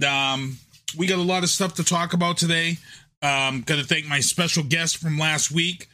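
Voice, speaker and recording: Male podcast host, bright and fairly high voice, loose chatty delivery, home desk mic. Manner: chatty, loose, repeats himself. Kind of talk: casual live show talk. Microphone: desk USB microphone.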